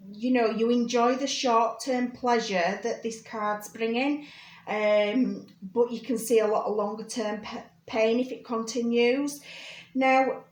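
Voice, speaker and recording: Woman, tarot reader, reassuring, fillers and check-ins, slightly high voice, roomy echo. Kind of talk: personal tarot reading.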